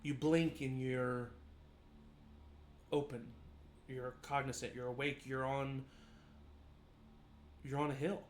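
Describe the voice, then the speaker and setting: A man narrating a tabletop role-playing game as game master, describing scenes in a slow, measured, atmospheric way. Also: mid-range voice, flat delivery, roomy sound, a little hiss or hum. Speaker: dungeon master.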